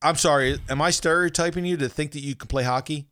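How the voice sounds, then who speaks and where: A man's voice: fairly high pitch, fast talker, fairly bright tone. A man with a Philadelphia accent hosting a casual chat, joking and teasing his friends.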